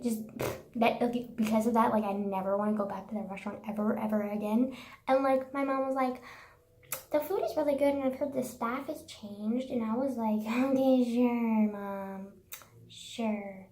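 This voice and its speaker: A young woman rants straight to the camera, sarcastic and profane, with "like" in nearly every phrase. Her voice sits a little high for a woman. The room around her is bare and echoey. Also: dark tone. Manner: profane, sarcastic, says "like" constantly. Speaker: vlogger. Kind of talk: casual ranting monologue.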